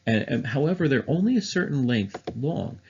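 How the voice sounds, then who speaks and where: A man's voice: medium pitch, lively intonation, moderate pace, gravelly, a little mellow, lo-fi sound, a little hiss or hum. A man teaching music theory in a recorded online lesson, explaining step by step with frequent "uh" and "um" fillers.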